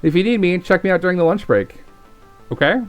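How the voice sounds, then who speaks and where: A man voicing an upbeat young man who runs a dance stage, speaking in a quick, breezy way. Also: high voice, expressive, clear, resonant tone, soft background music, pitched above the performer's own voice.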